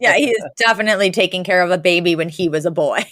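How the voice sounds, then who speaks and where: A woman's voice: lowish voice, quick pace, fairly bright tone, dry recording, studio quality. Giggly woman chatting on a podcast. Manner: chatty, laughs often, many fillers and restarts. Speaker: podcast co-host. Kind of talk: casual chat recapping a sitcom episode.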